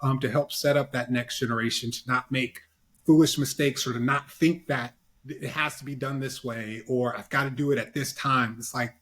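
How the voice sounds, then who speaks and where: A man's voice: medium pitch, fairly even intonation, normal speed, a bit bright. Earnest man giving advice on a video call. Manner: earnest and advising, with many fillers and tag questions. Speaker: panelist. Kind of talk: casual panel discussion.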